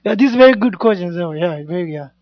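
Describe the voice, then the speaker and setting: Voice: mid-range voice, expressive, quick pace, dry recording. Dharma teacher in simple broken English. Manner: simple broken English, frequent checks like "yeah?" and "you know". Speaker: Buddhist teacher. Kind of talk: informal Dharma class talk. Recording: dull lo-fi recording, dry sound.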